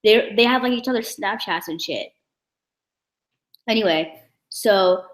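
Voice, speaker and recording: A woman's voice: medium pitch, unhurried, pauses often, echoey room, soft background music, low-quality recording. A young woman vlogging a casual story in a blunt, heated, profane way. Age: young adult.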